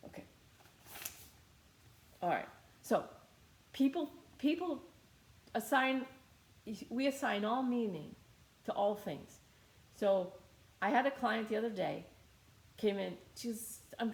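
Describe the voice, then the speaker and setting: A woman's voice: fairly high pitch, unhurried, pauses often, roomy sound. A woman teaching a guided meditation in a casual, chatty way, often repeating her phrases.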